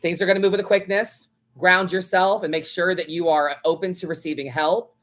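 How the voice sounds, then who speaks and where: A man's voice: high-pitched, steady tone, a little fast, a bit bright. A man hosting a live tarot stream, chatting casually in a blunt, sassy way and swearing freely. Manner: blunt, sassy, swears freely, acts out other people's lines.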